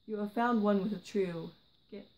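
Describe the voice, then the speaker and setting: A woman reading the lines of a mysterious hooded master of a secret order, low, slow and purring. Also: a little mellow, natural voice, rough recording. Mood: ominous.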